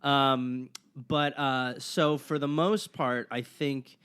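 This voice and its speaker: A man's voice: mid-range voice, fairly even intonation, slow pace, fairly bright tone, clear, resonant tone. A man from Wisconsin, a comedian guest on a podcast, chatting casually and rambling with lots of fillers and restarts. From Wisconsin, USA. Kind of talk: casual interview chat.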